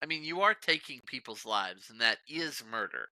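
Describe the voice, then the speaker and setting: Male podcast guest, blunt and teasing, very bright voice, dry close mic. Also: medium pitch, animated, moderate pace, no echo, poor audio. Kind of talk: casual podcast chat.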